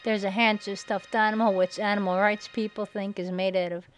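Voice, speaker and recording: A woman giving sarcastic, mocking commentary over a slideshow, now and then breaking into shrill put-on voices. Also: little pitch movement, a little fast, low-quality recording. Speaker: video narrator. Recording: faint background music.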